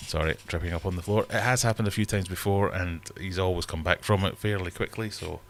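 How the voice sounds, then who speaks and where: A man's voice: deep voice, a little fast, slight background noise. A man hosting a casual livestream from his fish room, chatting in a rambling, self-deprecating way. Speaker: livestream host and fishkeeper.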